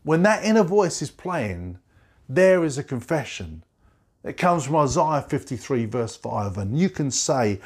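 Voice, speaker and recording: Lively, emphatic man preaching a sermon. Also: breathy edge. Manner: emphatic preaching, repeats key phrases, slows and drops low on scripture quotes. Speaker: pastor.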